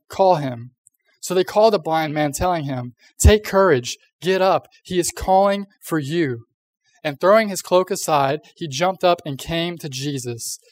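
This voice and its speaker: A young man giving a casual youth sermon, chatty and full of fillers, often acting out little voices. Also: on the high side. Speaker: youth pastor.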